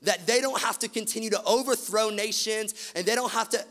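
A man preaching a sermon, animated, swinging from loud emphatic lines to quiet, hushed ones. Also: sits high, a little fast. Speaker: pastor. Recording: long hall reverb.

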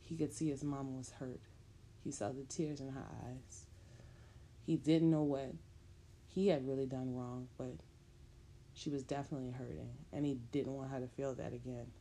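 A woman telling a story in a measured, plain-spoken way, in the present tense. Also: rumbling low, fairly even intonation, warm tone.

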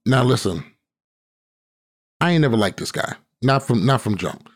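A man's voice: medium pitch, lively intonation, normal speed. A man hosting a podcast, ranting emphatically and swearing freely in casual chat. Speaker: podcast host.

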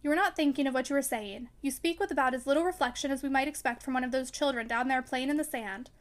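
A pretty married woman from a storybook, as a reader voices her, scolding firmly and earnestly. The voice is high. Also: fast, natural voice. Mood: admonishing. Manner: firm, admonishing.

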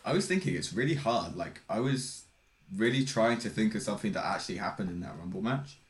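Brief: low-pitched young guy, dry self-mocking podcast host, roomy echo. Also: expressive, a little fast. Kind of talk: casual chat.

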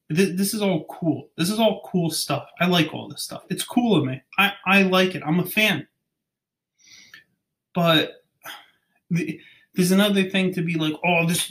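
A young man with a slightly high voice rants casually on his podcast. He rambles, restarts sentences and stumbles over names as he goes. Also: a bit bright. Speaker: podcast host. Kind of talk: casual chat.

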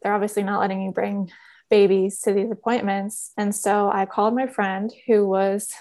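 A woman's voice: medium pitch, little pitch movement, normal speed, a little mellow. Woman candidly telling a personal story. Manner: candid, conversational, many fillers. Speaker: podcast guest sharing a personal story.

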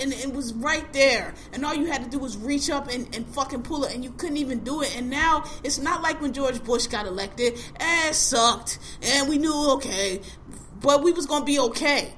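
Bright-voiced woman ranting angrily. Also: sits high, a little hiss or hum. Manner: angry, profane, emphatic ranting. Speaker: podcast host. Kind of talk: casual ranting chat.

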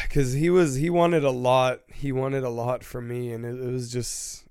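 A man in a casual chat, talking haltingly with many fillers and restarts. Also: medium pitch, little pitch movement, darkish tone, smooth, no echo, studio quality. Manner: hesitant, halting, full of fillers, apologetic.

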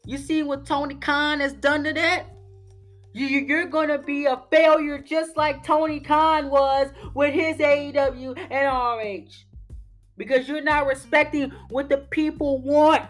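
A man's voice: very high-pitched, level tone, a little slow, a bit bright, faint music behind, voice pushed up. A man voicing an angry, betrayed longtime male fan who scolds and rants in slang. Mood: scolding. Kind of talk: reading an email aloud in character.

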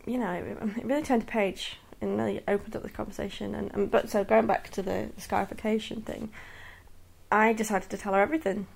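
Candid woman with a creaky voice. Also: medium pitch, fairly even intonation, fairly quick. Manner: candid and earnest, many restarts and soft laughs. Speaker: podcast host. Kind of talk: personal monologue.

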